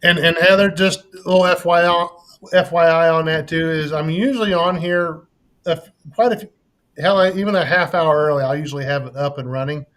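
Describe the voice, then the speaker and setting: A man's voice: a little high, steady tone, a little fast, fairly bright tone. A man hosting a live stream, chatting casually and joking with frequent laughs.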